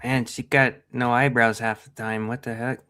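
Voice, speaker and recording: A man's voice: medium pitch, little pitch movement, normal speed, pushed and bright, smooth. Sarcastic, swearing man on a podcast. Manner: sarcastic, profane. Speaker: podcast co-host. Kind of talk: casual podcast chat.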